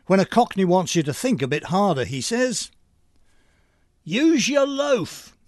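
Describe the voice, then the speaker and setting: An older British man hosting a scripted monologue, delivered with wry, dry humor at a measured pace. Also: on the high side, no echo. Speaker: host.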